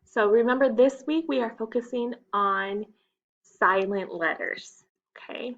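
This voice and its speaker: Woman, phonics teacher, slow and patient, drawn-out words, dull lo-fi sound. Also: fairly high pitch, fairly bright tone. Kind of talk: phonics lesson for young children.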